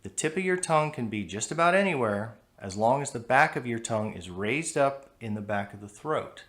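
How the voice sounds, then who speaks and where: Here the American pronunciation teacher sounds animated, his mid-range voice a bit bright. Still patient and measured, he demonstrates sounds as part of an explanatory lesson.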